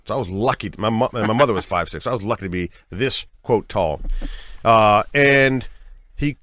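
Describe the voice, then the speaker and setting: A middle-aged man telling a personal story as an interview guest, lively and acting out the voices he quotes. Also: normal speed, dry recording, clean studio sound. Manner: lively, acts out quoted voices with big pitch jumps.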